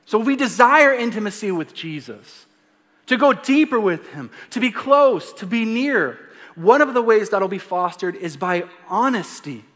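Young-ish pastor guy preaching, animated, reads verses big, reverby church hall. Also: high voice, unhurried. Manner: animated preaching, reads scripture aloud with emphasis, playful asides. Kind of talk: sermon.

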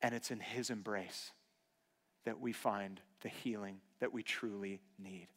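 Earnest pastor preaching in a reverberant hall. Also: male voice, fairly even intonation, unhurried. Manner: earnest storytelling, dropping to a hushed low voice for emphasis. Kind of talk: sermon.

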